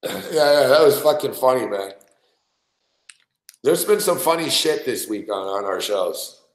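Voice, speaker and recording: A man's voice: medium pitch, animated, a little slow, echoey room, poor audio. A man hosting a sports betting show, telling profane, laughing stories about guests in casual studio banter. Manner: profane, storytelling, laughs often.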